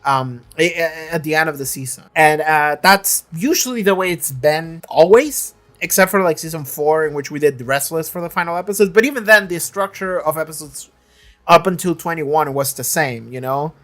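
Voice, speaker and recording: Guy with a slightly high voice rambling thru a tv episode review, swears a ton, keeps restarting. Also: moderate pace, fairly bright tone, faint music behind. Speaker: reaction channel host.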